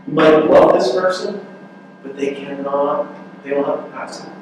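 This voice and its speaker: A man's voice: fairly high pitch, fairly even intonation, moderate pace, a little mellow. A man speaking as a counselor at a relationship workshop, talking in a loose, conversational way, repeating words and often asking "right?". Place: large room at a church youth ministry event. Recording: echoey hall from far off, faint noise.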